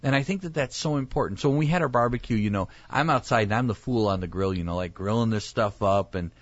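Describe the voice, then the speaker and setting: A man's voice: lowish voice, quick pace, no room sound, muffled recording. A male pastor chatting casually, telling stories and acting out the people in them. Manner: animated storyteller, acts out quoted voices. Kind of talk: casual chat.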